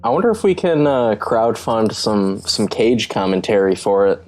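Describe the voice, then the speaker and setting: A man's voice: fairly low pitch, moderate pace, a little mellow, faint music behind. A man co-hosting a movie podcast, bantering and joking in slangy casual talk. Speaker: podcast co-host.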